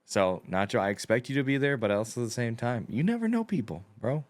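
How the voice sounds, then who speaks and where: A man's voice: medium pitch, sing-song, fast. A man on a podcast, bantering and cracking crude jokes in casual chat. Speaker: podcast guest.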